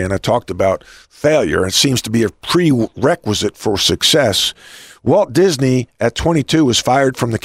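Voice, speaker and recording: This host has a medium-pitched voice, captured in a dry, clean studio recording. In casual interview talk, he rambles through anecdotes and keeps restarting his sentences.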